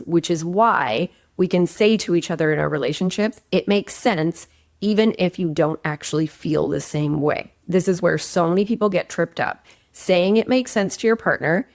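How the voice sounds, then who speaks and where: A woman's voice: lowish voice, moderate pace. A woman in her thirties, a relationship coach, giving emphatic, conversational advice straight to the camera. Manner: animated, emphatic, conversational with acted-out quotes. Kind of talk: direct-to-camera advice talk.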